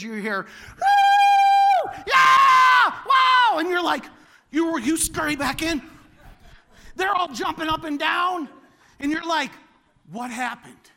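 High bright-voiced male pastor preaching. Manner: animated, building to loud exclamations. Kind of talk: sermon.

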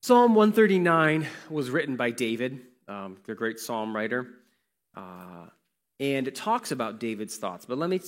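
A male pastor preaches in a relaxed, storytelling way, asking the congregation questions as he goes. His pitch swings widely, rising and falling with animation. His voice carries through a big church hall with a long, lingering reverb. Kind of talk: sermon.

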